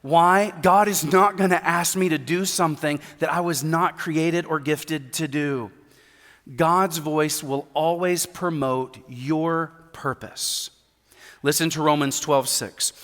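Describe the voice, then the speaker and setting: A male pastor delivers an emphatic sermon, repeating key lines and dropping in light humor. His voice sits slightly high for a man. It rings through a long reverberant church sanctuary. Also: fairly bright tone.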